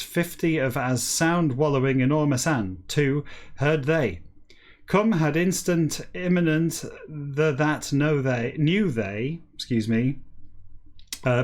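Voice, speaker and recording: A man hosting a comic show, reading a text backwards in a deadpan voice and breaking off for dry, self-mocking asides. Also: on the high side. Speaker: host reading a novel backwards.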